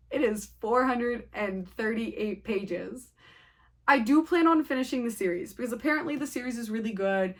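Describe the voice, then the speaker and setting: A young woman chatting casually through a book review, rambling and saying "like" a lot. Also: medium pitch.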